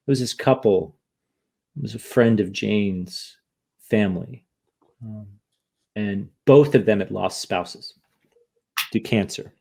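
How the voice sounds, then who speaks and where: A man's voice: lowish voice, takes it slowly, vocal fry, long pauses, darkish tone, breathy edge. A man from the United States, a podcast guest, speaking candidly and rambling with many restarts in an emotional interview.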